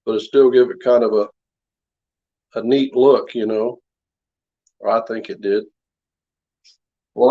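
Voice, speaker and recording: A man chatting casually in his home workshop, showing knives he forged, in a rambling, down-to-earth way. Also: mid-range voice. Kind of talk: casual show-and-tell chat. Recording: slightly dull lo-fi sound.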